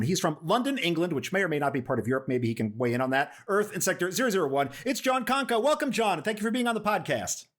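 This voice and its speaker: A man hosts his podcast with a playful, animated delivery. His voice sits a little high and swings widely in pitch as he reads through announcements and questions. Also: dry recording, clean studio sound. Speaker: podcast host. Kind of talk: scripted podcast announcements and interview.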